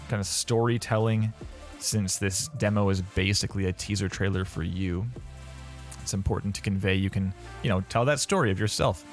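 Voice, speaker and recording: A man with a fairly low voice hosts a casual livestream, chatting in a loose, playful way. He rambles along with plenty of fillers and restarts. Faint music plays underneath. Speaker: livestream host reviewing game audio demo reels.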